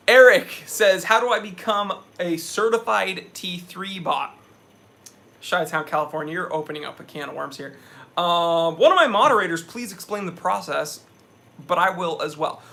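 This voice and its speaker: A man's voice: high-pitched, creaky, sharp tone. A young man hosting a casual live stream, sweaty after a hike, talking with energy as he reads out viewers' chat messages.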